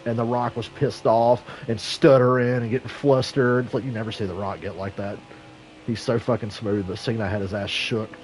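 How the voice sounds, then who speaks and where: A man streaming an online racing game, chatting casually and telling a story in a profane, animated way. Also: mid-range voice, moderate pace, a little hiss or hum, low-quality recording. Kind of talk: casual gaming stream chat.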